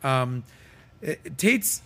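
A man's voice: medium pitch, big pitch swings, drawn-out words, bright, forceful tone. A man hosting a podcast, giving casual, emphatic commentary that is full of fillers. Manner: emphatic, quoting and reading aloud, many fillers. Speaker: podcast host.

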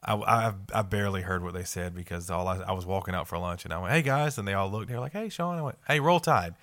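A man's voice: low voice, fairly even intonation, very fast, a bit bright, no echo, studio quality. A man co-hosting a podcast, telling wry stories in casual sports chat, often restarting his sentences. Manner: storytelling, hesitant restarts, wry. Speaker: podcast co-host.

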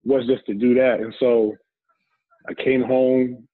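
A man's voice: medium pitch, flat delivery, takes it slowly, slightly rough, no room sound. Easygoing man telling a story over a tinny line. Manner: easygoing, rambling, recounts scenes with quoted dialogue. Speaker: guest, former football player. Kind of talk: casual storytelling. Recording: tinny, phone-like dry line.

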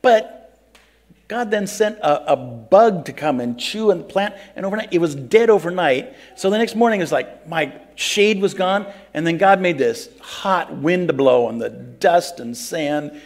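An actor playing a grumpy biblical prophet who complains a lot, telling his own story in first person in an interview, plain-spoken and earnest. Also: a little high. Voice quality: earnest, plain-spoken, breaks into pleading outbursts. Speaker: interviewee in character.

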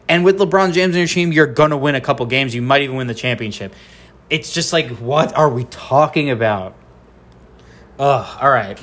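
A man's voice: mid-range voice, a bit bright. A young man with a nasal voice, hosting a sports rant podcast, talking in a blunt, profane, exasperated way. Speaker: podcast host.

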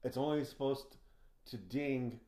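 A young man chats and vents with loose, profane energy, jumping into acted-out quotes. His voice sits at an ordinary pitch. The room around him rings noticeably, like a house recording. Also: a little slow, echoey room. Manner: swears a lot, rants with animated quoting. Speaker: podcast co-host. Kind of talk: casual profane chat.

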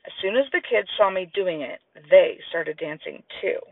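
Brief: animated male storyteller, gravelly, thin lo-fi radio quality. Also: normal speed, dry recording, far from the mic. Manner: lively, plays children's voices in high squeals. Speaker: audiobook narrator. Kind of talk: storybook narration with voiced characters. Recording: tinny, lo-fi, radio-like sound.

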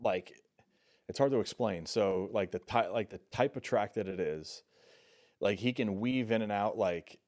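A man's voice: lowish voice, measured pace, darkish tone. A man co-hosting a casual music chat, blunt and opinionated in his remarks. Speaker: podcast co-host.

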